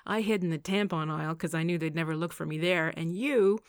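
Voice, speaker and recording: A woman's voice: low voice, fairly quick, clean tone, no echo, studio quality. A woman reading the part of a playful, teasing young man in an audiobook, speaking grandly and boisterously.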